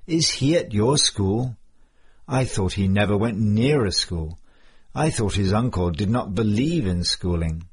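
A man's voice: on the low side, animated, unhurried, husky. A man voicing a stern male police sergeant who delivers emphatic warnings.

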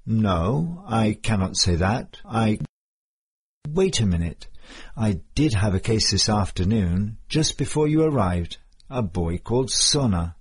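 A man's voice: fairly low pitch, big pitch swings, measured pace, slightly rough, exaggerated voice. A man voicing an impatient male headmaster who presses with questions. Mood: curious.

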